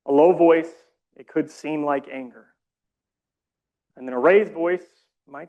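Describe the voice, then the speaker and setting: A man leading a community training session, explaining calmly with casual, self-deprecating asides. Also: fairly high pitch, normal speed, lo-fi sound. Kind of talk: training presentation.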